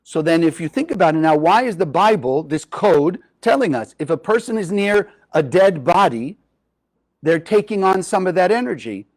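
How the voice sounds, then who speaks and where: A man giving a spiritual Kabbalah teaching to a live group, lively and often asking his listeners questions. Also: high-pitched, moderate pace. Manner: animated, asks the audience questions.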